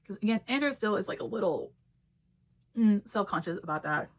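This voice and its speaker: Casual book reviewer, female, rapid-fire delivery, blunt and profane, slips into characters' lines while recapping. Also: mid-range voice, animated, slight background noise. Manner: blunt, swears freely, acts out characters' lines.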